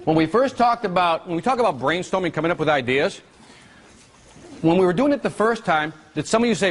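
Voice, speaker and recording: Lively man teaching a live seminar. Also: high voice, a little fast. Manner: energetic, keeps quizzing the audience. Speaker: workshop presenter. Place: seminar room with live audience.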